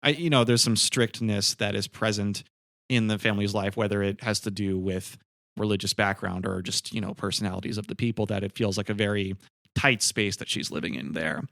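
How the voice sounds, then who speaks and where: A man with a fairly low voice co-hosts a film podcast in casual chat. He thinks out loud and leans on fillers as he builds his points. The recording is dry and close. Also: fairly even intonation, brisk, vocal fry, no echo. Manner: thoughtful, many fillers. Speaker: podcast co-host.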